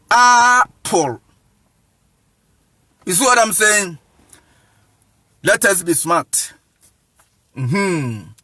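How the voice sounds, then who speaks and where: A man's voice: high-pitched, sharp tone, no room sound, studio quality. A man with a Ghanaian accent giving an informal lecture, insistent and repetitive, often checking that the listener follows and chuckling. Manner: insistent, repeats "you see what I'm saying", chuckles often. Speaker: evangelist teaching.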